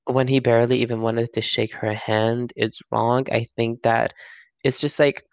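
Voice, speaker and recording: A man's voice: mid-range voice, flat delivery, moderate pace, creaky, a little mellow, clear, resonant tone, no echo, dull audio. A man co-hosting a casual gossip commentary, chatty and profane with sassy slang.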